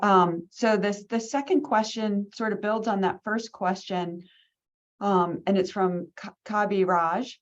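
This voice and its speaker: A woman's voice: mid-range voice, a little slow. A woman hosts a webinar and reads out audience questions in a friendly, loose way, with frequent fillers. Her mid-range voice comes through slightly dull video call audio. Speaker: webinar host and moderator. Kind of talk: moderating a Q&A.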